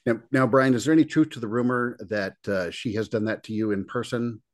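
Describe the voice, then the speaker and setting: A man's voice: medium pitch, a little fast, dry recording. A middle-aged man co-hosting a podcast, chatting casually with many fillers and reading a scene aloud. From Wisconsin. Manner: relaxed, hesitant with many fillers, joking. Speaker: podcast co-host. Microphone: video call.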